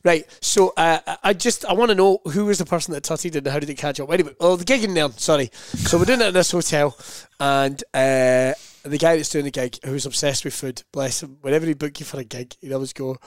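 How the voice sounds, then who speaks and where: A Scottish man spins comic stories in casual podcast chat, his voice sitting a touch high and jumping into quick impressions of other people. The sound is close and dry, with no room around it. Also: no echo. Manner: animated anecdotes with mimicked voices and laughter. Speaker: podcast co-host and comedian.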